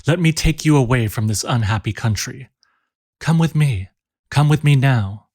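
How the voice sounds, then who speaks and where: A man's voice: medium pitch, expressive, normal speed, darkish tone, dry recording, close to an everyday voice. Man reading a pleading young sailor, eager, dry close voice. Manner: pleading, earnest. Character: ardent young male sea captain, determined.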